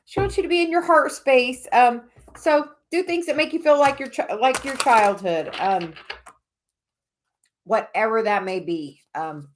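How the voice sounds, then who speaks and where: Woman host doing relaxed live card readings; higher voice, loose and meandering delivery. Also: measured pace, a little hiss or hum. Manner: rambling, many fillers and restarts. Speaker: oracle card reader hosting a livestream. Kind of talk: casual livestream reading.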